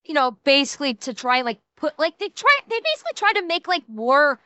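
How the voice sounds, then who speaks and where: A woman streamer reacting to a video with animated commentary, swearing freely and laughing often. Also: sits high, brisk, no room sound.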